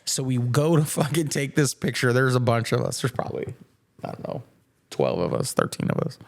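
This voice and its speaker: A man's voice: mid-range voice, very animated, a little fast, vocal fry. A young man hosting a podcast, telling a rambling, profane story with plenty of swearing and laughter. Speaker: podcast host. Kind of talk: casual chat, storytelling.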